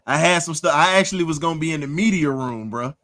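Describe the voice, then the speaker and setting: Animated man talking sports. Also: fairly high pitch, quick pace. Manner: animated, storytelling, laughs and swears. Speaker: podcast host. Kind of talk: casual sports talk.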